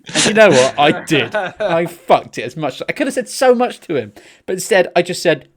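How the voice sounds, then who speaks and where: A young man, co-hosting a podcast and telling a rambling, sweary story in casual chat. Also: a little fast. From England. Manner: rambling, sweary storytelling with excited pitch jumps. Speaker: podcast co-host.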